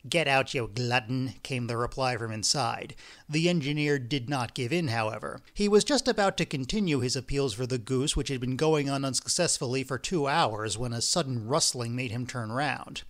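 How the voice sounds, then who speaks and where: Male audiobook reader, measured and unhurried, mid-pitched voice. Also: fairly bright tone. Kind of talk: audiobook narration.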